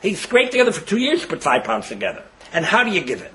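A man giving a fast, lively sermon-style talk and acting out the people in his stories. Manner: acts out characters with big swings in pitch and loudness; fast-talking. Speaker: religious speaker.

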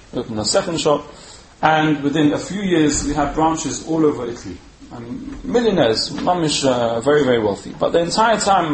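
Man, storyteller, slightly high voice, lively retelling, frequent restarts, echoey room. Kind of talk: told religious folk tale. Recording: roomy echo.

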